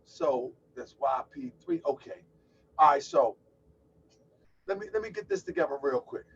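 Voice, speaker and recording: A man's voice: a little high, big pitch swings, moderate pace, creaky, a bit bright, slight background noise. A man hosting a call-in livestream, chatty and loose, exclaiming and laughing as he sets up. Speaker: host of a call-in show. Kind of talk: casual livestream talk. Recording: distant, dull lo-fi mic.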